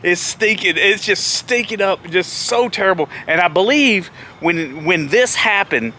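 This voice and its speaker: A man tells a story in a casual vlog, his bright, fairly high voice swinging up and down as he goes. He laughs often along the way. Faint traffic hums behind him outdoors. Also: a little slow. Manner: animated, laughs often while telling the story. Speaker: vlogger telling a road story.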